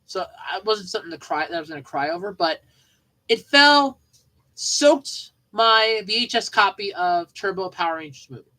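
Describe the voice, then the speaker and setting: A woman's voice: mid-range voice, lively intonation, normal speed, sharp tone, low-quality recording. A woman hosting a podcast, telling rambling childhood stories and chatting casually about movies, often repeating herself and laughing. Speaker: podcast host. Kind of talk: casual storytelling and movie chat.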